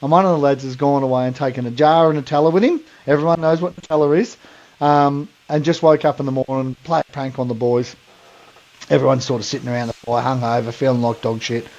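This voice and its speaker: A man's voice: medium pitch, fairly even intonation, quick pace, darkish tone, lo-fi sound. An Australian man co-hosting a podcast, telling a rambling funny story in casual mate slang and laughing along. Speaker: podcast co-host.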